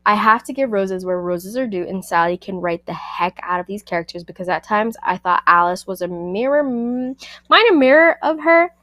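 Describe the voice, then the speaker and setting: A woman hosts a casual book review podcast and talks back to the characters with plenty of sass. Her voice sits at a middle pitch and is recorded close and dry, with no room sound. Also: normal speed, bright, forceful tone, no room sound.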